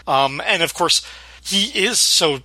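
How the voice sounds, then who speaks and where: A man's voice: a little high, animated, takes it slowly, sharp tone, no room sound. A man co-hosting a podcast, recapping a TV episode and laughing often. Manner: laughs often, acts out characters' lines. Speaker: podcast co-host. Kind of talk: casual TV rewatch discussion.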